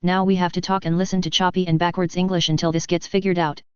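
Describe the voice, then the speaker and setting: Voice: mid-range voice, flat delivery, quick pace, smooth, dry recording, dull audio, close to an everyday voice. A narrator voicing a sarcastic young female soldier who complains and snaps back. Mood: snappy. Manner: snappy, complaining.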